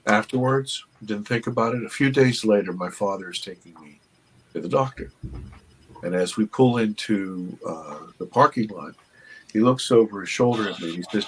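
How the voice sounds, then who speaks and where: A man, an interview guest, earnestly telling a personal story with halting restarts. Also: fairly low pitch, breathy edge, rough recording. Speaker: interview guest, documentary producer.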